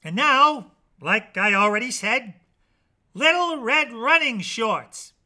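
A man's voice: very high voice, animated, takes it slowly, bright, forceful tone, voice pushed up, heavily acted. A man voicing an eager, boastful male storyteller character who rambles on, hyping up his own tale. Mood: excited. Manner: eager, rambling, breathless hype.

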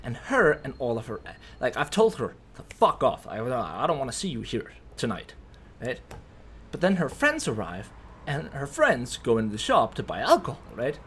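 A young man recounts a story for his vlog in a lively voice that swings high and low. His delivery is animated and full of swearing, and he keeps tacking on "right?". There is a faint hiss of noise behind him. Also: moderate pace. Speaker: vlogger.

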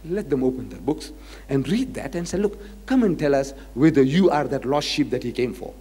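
A man giving a public lecture on scripture, emphatic, asking rhetorical questions and swinging between loud and quiet. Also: mid-range voice, sing-song, fairly quick, breathy edge. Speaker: religious lecturer. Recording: reverberant lecture hall.

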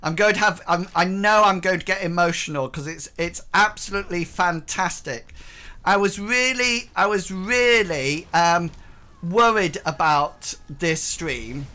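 A woman's voice: on the low side, a little slow, pushed and bright. A woman streaming a game live, exclaiming often and getting emotional as she thanks viewers. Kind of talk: live charity gameplay stream.

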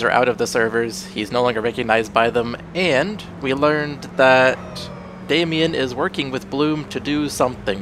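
A man's voice: mid-range voice, fairly bright tone, slight background noise. A young man commentating a game he is playing, sounding sick and groggy with a morning voice, rambling and correcting himself as he goes. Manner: rambling, self-correcting, easygoing. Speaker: let's play host. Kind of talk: casual gameplay commentary.

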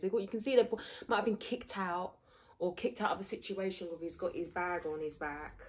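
A woman's voice: medium pitch, normal speed, a little mellow. A woman giving a casual tarot reading, rambling, blunt and mocking. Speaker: tarot reader.

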